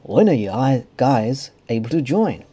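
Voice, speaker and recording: A man's voice: medium pitch, big pitch swings, a little slow, warm tone, breathy edge, voice pushed up. A man putting on a silly foreign-sounding voice for an eager young male game server owner. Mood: eager welcoming.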